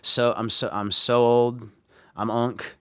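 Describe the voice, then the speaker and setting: This Arkansas console modder in his 30s talks with a mid-range, smooth, slightly bright voice, flat and slow in delivery. The studio-quality recording is dry, and his livestream is rambling, slangy and goofy, punctuated by silly voices.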